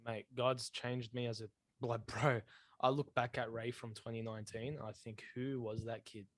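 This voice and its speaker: A man's voice: mid-range voice, flat delivery, moderate pace. A man co-hosting a casual faith chat, telling personal stories in an earnest way with lots of slang. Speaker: podcast co-host.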